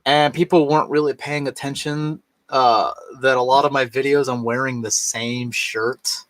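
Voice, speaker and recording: A man in his thirties talking in a loose, rambling way while tipsy, swearing freely and mimicking other people in a higher voice. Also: fairly even intonation, normal speed, a bit bright, dry recording. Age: 30s. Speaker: vlogger. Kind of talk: casual rambling monologue.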